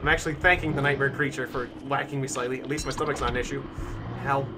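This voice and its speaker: A man live-streaming a survival game, talking through his moves as he plays, now and then breaking into shouts. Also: medium pitch, fast talker, a little hiss or hum. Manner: animated, thinking aloud, bursts of shouting. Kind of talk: live-stream gameplay commentary.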